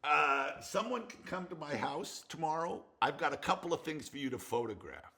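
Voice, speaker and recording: With a fairly high, expressive voice at a moderate pace, an older man recalls his film-directing past in an interview. His telling wanders, restarts often, and mixes in laughter and swearing; the tone is bright and forceful, slightly rough.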